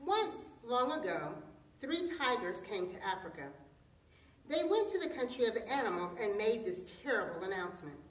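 A woman telling a folktale aloud as storyteller, expressive in delivery. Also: mid-range voice, moderate pace. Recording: roomy echo, distant mic.

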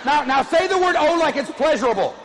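A middle-aged man giving an animated keynote speech to a live audience, drawing call-and-response from the crowd. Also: very high-pitched, fast, noisy background. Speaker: motivational speaker. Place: large conference hall. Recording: echoey hall, faint ambience.

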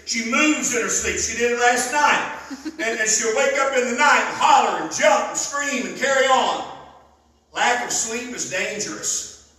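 High-voiced, fervent preacher. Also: male voice, measured pace. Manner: fervent storytelling preacher, bursts into loud emphasis. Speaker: pastor. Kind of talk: sermon. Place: church sanctuary. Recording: echoey church hall, mic at a distance.

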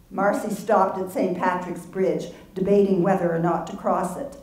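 Low-voiced woman author reading aloud. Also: level tone, moderate pace, a little mellow. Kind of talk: reading from her novel. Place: public reading hall. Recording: roomy hall from far off.

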